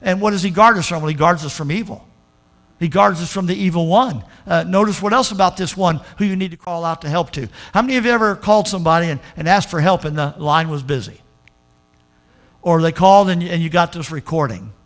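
A man's voice: sits high, fairly quick, fairly bright tone. A man pastor preaching a folksy, emphatic sermon with lots of repetition.

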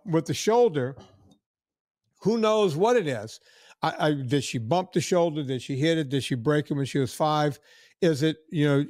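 A man's voice: a little high, darkish tone, dry recording, studio quality. A man in his sixties hosting a podcast, rambling in casual chat with many restarts and acted-out quotes. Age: 60s. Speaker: podcast host.

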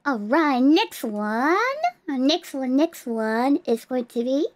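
A woman's voice: high voice, slow pace. A woman VTuber streamer showing off her outfit in a cutesy, playful, exclamatory way. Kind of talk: casual live-stream outfit showcase.

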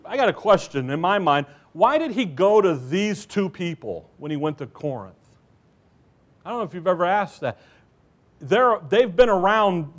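A man preaching a church sermon in a folksy storytelling way, with asides to the listeners. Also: high voice.

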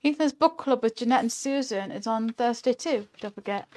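Higher-voiced female co-host. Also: moderate pace, darkish tone. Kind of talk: community live stream.

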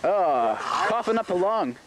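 A man giving excited play-by-play commentary on a backyard wrestling match, gasping "oh" at every move. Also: high-pitched, a little slow. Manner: excitable, frequent gasps of "oh". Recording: noisy outdoor camcorder audio.

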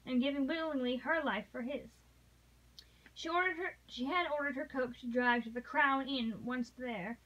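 A high-pitched woman reads a classic novel aloud, pausing and correcting herself as she goes. Her reading turns dramatic in the emotional passages. The recording sounds dull and lo-fi. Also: a bit bright. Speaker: reader.

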